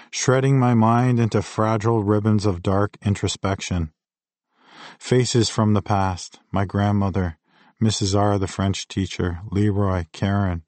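A man narrates his own memoir in a measured, vivid audiobook delivery. His voice sits on the low side. The recording is dry and close, with no room sound. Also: darkish tone, dry recording.

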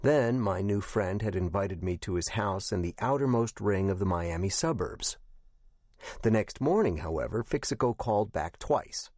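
A man with a fairly low voice reads a first-person novel in a measured, even manner. The recording is close and dry, with no room sound. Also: no room sound. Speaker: audiobook narrator. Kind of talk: first-person scripted narration.

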